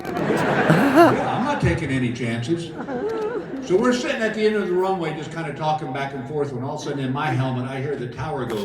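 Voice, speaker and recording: A man doing stand-up comedy, telling a story in an animated, drawling way to a large casino theater crowd. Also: fairly high pitch, brisk, far from the mic, noisy background. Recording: echoey theater, mic heard from afar. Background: audience laughter.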